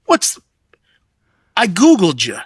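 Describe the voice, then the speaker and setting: A middle-aged man chatting as a podcast guest, rambling and profane as he tells animated stories. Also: high-pitched, takes it slowly, breathy edge, no echo. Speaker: guest designer. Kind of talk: casual podcast chat.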